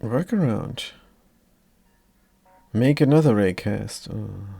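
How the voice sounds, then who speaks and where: A man's voice: lowish voice, animated, slow, creaky, mellow, husky, soft background music. A man streaming live, talking through his code as he works and mumbling his thoughts aloud, often trailing off. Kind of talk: live coding commentary.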